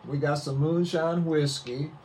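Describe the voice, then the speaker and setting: Older man plays a coaxing male mob leader, persuasive and a little loud. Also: a little high, fairly even intonation, unhurried, recorded from a distance, slight background noise, pitched above the performer's own voice, lightly acted, poor audio.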